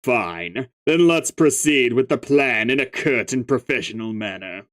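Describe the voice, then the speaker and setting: A man voicing a pompous, formal male troll aristocrat who speaks slowly in ornate, haughty sentences. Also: medium pitch, lively intonation, a bit bright, dry recording, voice pushed down. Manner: slow, haughty, ornate speech.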